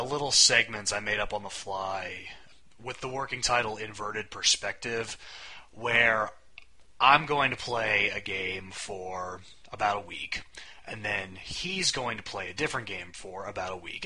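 Young male podcast co-host, low-ish voice, rambling and wry. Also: bright, forceful tone, breathy edge, rough recording. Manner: rambling, wry, swears casually. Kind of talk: casual podcast chat.

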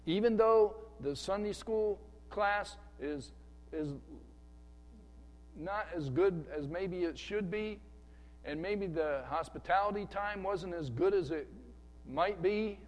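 A man's voice: high voice, slow, in a large hall. A male pastor giving a conversational sermon in a church sanctuary, acting out the thoughts of a churchgoer. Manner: conversational preaching with acted-out inner thoughts.

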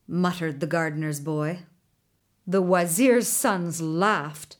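A woman's voice: on the low side, slow. A woman narrating a folk tale from a storybook, reading with voiced characters.

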